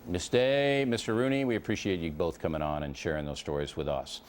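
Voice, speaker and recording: A middle-aged man hosting a TV talk show, steering guests with brisk, leading questions. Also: low-pitched, steady tone, music in the background. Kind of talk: TV news interview.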